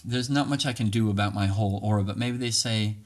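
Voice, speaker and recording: A man with a fairly low voice talks listeners through a podcast monologue in an earnest, coaching way. He keeps checking in with a quick "right?" and lets out small chuckles between his points. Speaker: podcast host.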